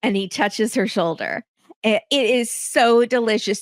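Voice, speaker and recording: A woman hosting a casual chat podcast, retelling scenes and acting out the quotes with lively, higher voices. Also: unhurried, no room sound, clean studio sound. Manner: animated, acts out quotes in bright higher voices. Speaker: podcast host.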